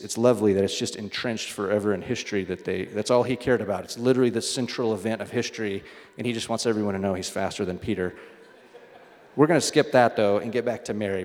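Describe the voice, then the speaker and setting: A man preaching a sermon as pastor, in a loose conversational way, telling stories between readings. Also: fairly low pitch. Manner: conversational, storytelling with small restarts. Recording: long hall reverb.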